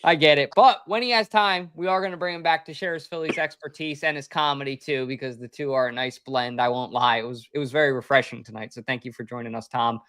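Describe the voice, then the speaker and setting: Man, podcast co-host, emphatic, opinionated, bright tone. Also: medium pitch, fairly even intonation, fast talker, few pauses, no room sound, studio quality. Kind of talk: casual sports chat.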